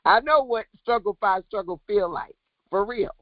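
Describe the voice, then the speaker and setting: A woman's voice: medium pitch, moderate pace, no echo, phone-quality sound. Fiery woman coach preaching to her chat. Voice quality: animated, preachy, talks straight to the chat. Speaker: business coach. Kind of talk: livestream coaching talk.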